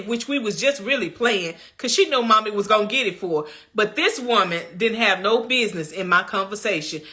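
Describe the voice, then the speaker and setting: A woman's voice: mid-range voice, pushed and bright. A young adult woman vlogger giving a preachy, emphatic, folksy motivational talk straight to her viewers about self-care. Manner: colloquial, folksy. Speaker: lifestyle vlogger.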